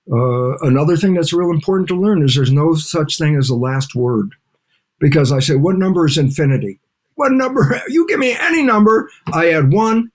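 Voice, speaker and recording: An older man, a guest scientist in an interview, talking in an animated way and acting out little back-and-forth dialogues. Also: on the high side. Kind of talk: interview conversation.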